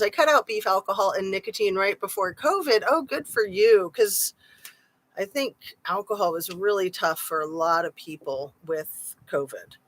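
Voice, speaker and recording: On her casual true-crime livestream, a woman reads out viewer comments and rambles chattily through her thoughts, saying "um" and "like" a lot. Her voice is medium-pitched and a bit bright, and the audio is poor.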